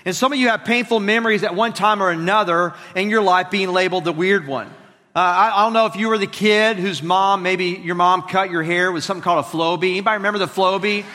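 A man in his forties with a Southern drawl, preaching a sermon as pastor in an energetic, conversational way with joking asides. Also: sits high, fast talker. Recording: long reverb of a large hall.

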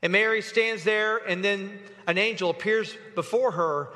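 A man preaching a sermon in a church, telling the story with animated acting and quick asides to the congregation. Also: high voice. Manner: animated storytelling, acts out voices of people in the story. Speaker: pastor. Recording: long hall reverb.

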